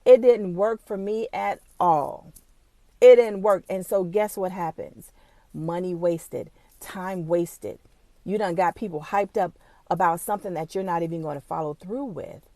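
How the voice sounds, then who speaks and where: A woman who runs her own small business talks straight to camera in a casual, motivational way, blunt and swearing freely. She is emotional and at times close to tears, fighting them back. Her voice is lowish and warm, a little slow, on a dry recording.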